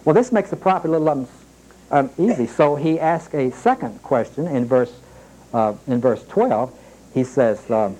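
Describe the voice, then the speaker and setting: A man preaching a sermon, slowing down to read scripture aloud and rising sharply in pitch on his questions. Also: lively intonation, dark tone, low-quality recording. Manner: emphatic, rises sharply on questions. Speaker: pastor.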